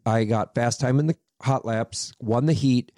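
A man from Minnesota, a sprint car driver guesting on a podcast, telling animated stories in casual chat and swearing freely. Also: mid-range voice, measured pace, dry recording. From Minnesota, USA. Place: studio.

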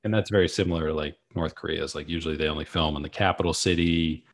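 A man co-hosting a podcast, recapping a TV episode in a relaxed way with lots of filler words. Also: very deep voice, fast. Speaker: podcast co-host. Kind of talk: casual chat.

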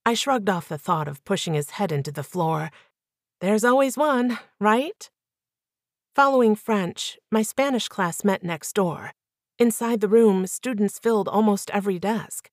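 A woman reading a first-person novel aloud as an audiobook narrator with clear, even storytelling. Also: mid-range voice, a little slow, no echo, clean studio sound.

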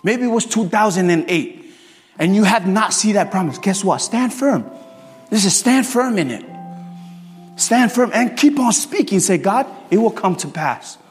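A man preaching a sermon in a church, telling stories with lively energy and bursts of shouting. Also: high voice, unhurried, in a large hall, soft background music.

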